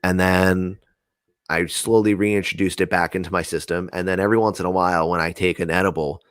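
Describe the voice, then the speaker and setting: A young man from New Jersey, telling a story in casual podcast chat, animated and swearing freely as he acts out the voices of people in it. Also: low voice, fairly quick, clear, resonant tone, no echo.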